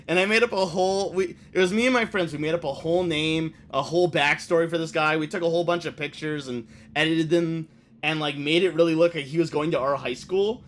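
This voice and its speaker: Pitched on the high side with a fairly bright tone, this gamer gives casual let's-play commentary. He's profane and loose, responding out loud as he reads the screen.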